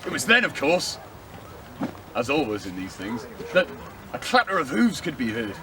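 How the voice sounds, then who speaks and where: A man's voice: medium pitch, big pitch swings, normal speed. A man telling a story to an audience at an outdoor event, playful and theatrical, with comic asides. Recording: distant mic outdoors with crowd noise.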